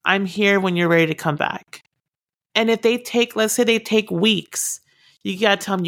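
A woman's voice: mid-range voice, moderate pace, creaky, fairly bright tone. A woman giving direct, earnest relationship advice and repeating her key points for emphasis. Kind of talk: advice talk to camera.

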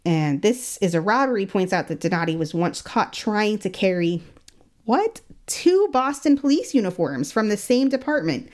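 A woman telling a true-crime story in casual chat, animated, laughing often and acting out quotes. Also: medium pitch, normal speed, hardly any pauses. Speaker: guest storyteller.

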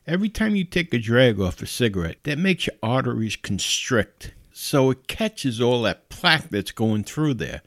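A man's voice: medium pitch, sing-song, normal speed, creaky, hardly any pauses, no room sound, studio quality. A middle-aged man hosting a podcast, giving casual advice and telling personal stories in an earnest, folksy, pleading way. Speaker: podcast host.

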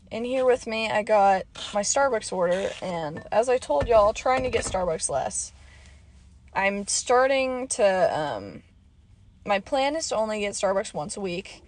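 A young woman hosting her own podcast, chatting casually and rambling off topic with lots of fillers, her voice a little hoarse. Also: mid-range voice, slight background noise. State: slightly hoarse. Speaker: podcast host. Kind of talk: casual solo podcast chat.

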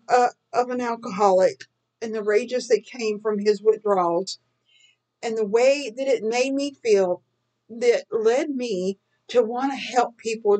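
A woman's voice: fairly high pitch, darkish tone, poor audio. A middle-aged woman teaching from the Bible in a sermon style, earnest and full of searching questions.

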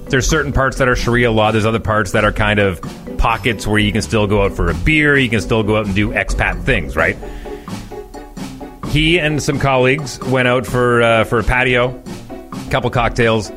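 A man in his forties, a radio morning show host, telling a story in a casual, animated way and acting out the voices of the people in it. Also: lowish voice. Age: 40s.

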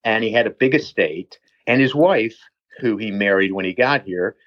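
A man's voice: fairly low pitch, normal speed, dry recording, highs cut off. A man, a personal trainer, telling a long rambling story in casual chat with many restarts and asides.

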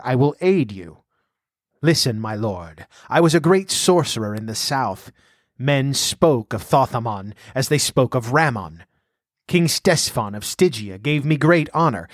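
A man voicing a proud, bitter male sorcerer held as a slave, speaking in a grave, measured way. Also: mid-range voice, no echo, studio quality, lightly acted.

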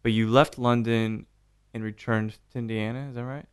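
A man's voice: medium pitch, little pitch movement, normal speed, smooth. A man hosting a casual interview, giving short affirmations and asking reflective follow-up questions. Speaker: interviewer host.

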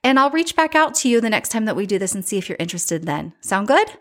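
A woman's voice: medium pitch, big pitch swings, quick pace. A young woman talking casually and candidly, sharing advice on growing a social media following. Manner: chatty and candid, acts out her own inner voice. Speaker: social media creator giving tips.

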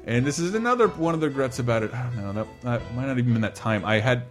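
A man in his thirties casually telling a long personal story on a podcast, animated and laughing, acting out quotes in a high voice. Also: very fast, soft background music. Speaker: podcast co-host.

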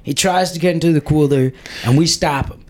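A man's voice: a little high, brisk. A man in his twenties, telling rowdy stories on a podcast, swearing freely and laughing as he goes. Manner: profane, excitable, laughs while telling stories. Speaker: podcast host. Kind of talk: casual storytelling chat.

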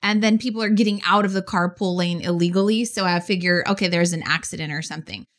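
A woman in her forties casually telling a story as a podcast host, animated and full of fillers. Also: lowish voice, fast talker. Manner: animated, chatty, many "like" fillers.

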